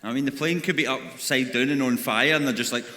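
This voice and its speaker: A man's voice: medium pitch, fairly quick, pushed and bright. A man with a Glaswegian accent doing a stand-up comedy set, crude and sweary, mocking and bantering with the crowd. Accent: Scottish, Glaswegian. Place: large arena on stage. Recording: echoey arena with crowd noise.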